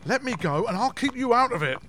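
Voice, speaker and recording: A man's voice: very high voice, lively intonation, brisk, sharp tone, a little hiss or hum, exaggerated voice. Man playing a jumpy crook. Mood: threatening. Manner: blustering, then pleading. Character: cornered, scared male crook.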